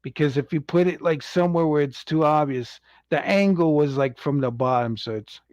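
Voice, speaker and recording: A man's voice: on the high side, moderate pace, a little mellow, no room sound. A man hosting a casual livestream review. He rambles, chuckles often and acts out quotes. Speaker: show host reviewing an animated series. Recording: dull lo-fi, dry sound.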